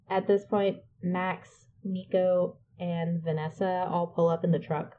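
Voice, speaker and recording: Lower-voiced woman recapping a movie casually. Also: level tone, moderate pace, few pauses, narrow, tinny audio, faint music behind. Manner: chatty, swears freely, laughs and jokes. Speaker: podcast co-host.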